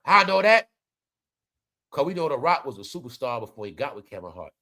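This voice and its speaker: A man giving animated, slangy casual commentary, often turning to his viewers. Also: medium pitch, brisk. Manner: animated, slangy, keeps addressing the audience. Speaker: commentary vlogger.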